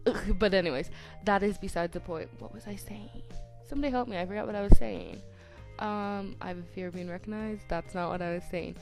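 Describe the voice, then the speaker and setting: Chatty teen girl with a gravelly edge. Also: mid-range voice, brisk, music in the background. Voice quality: voice cracks, soft-spoken. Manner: chatty, self-deprecating, lots of "like", tongue-tied restarts. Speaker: YouTuber. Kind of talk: rambling voice-over chat during a speed build. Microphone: home desk microphone.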